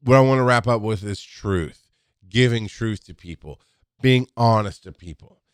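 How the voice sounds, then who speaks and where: A man speaks in a clear, resonant voice, recorded dry and close with no room sound. He tells a casual, rambling monologue, candid and direct, often restarting his sentences as he goes. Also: fairly low pitch, normal speed, no echo. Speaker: paramedic.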